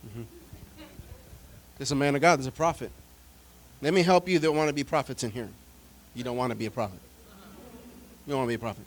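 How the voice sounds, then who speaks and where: This is a pastor mid-sermon, his fairly high-pitched voice carrying stories that lurch from loud declarations to whispered asides. He also speaks humorously and directly to the people in the pews.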